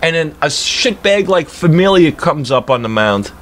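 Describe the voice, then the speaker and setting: A man's voice: lively intonation, normal speed, a little hiss or hum. Heated man ranting with heavy swearing. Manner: heated, profane, swings from low grumbling to loud high outbursts. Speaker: game streamer. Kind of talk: casual ranting chat while streaming.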